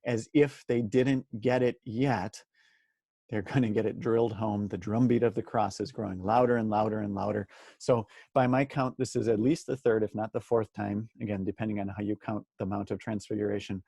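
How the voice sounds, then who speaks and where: Husky low-voiced man teaching the Bible. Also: mellow, dry recording, clean studio sound. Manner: earnest, asks rhetorical questions, repeats words for emphasis. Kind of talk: daily Bible study talk.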